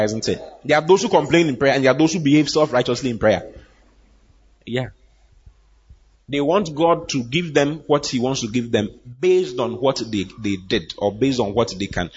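Husky guy preaching a sermon, acts out the bible folks, kinda muffled lo-fi sound. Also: mid-range voice. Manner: animated preaching, acting out Bible characters and laughing. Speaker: pastor. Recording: dull lo-fi recording.

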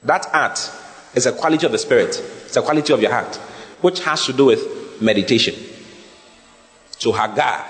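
Animated male preacher in a reverberant hall. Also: medium pitch. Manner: animated, spells out words, laughs often. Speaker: preacher teaching Bible words. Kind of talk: sermon.

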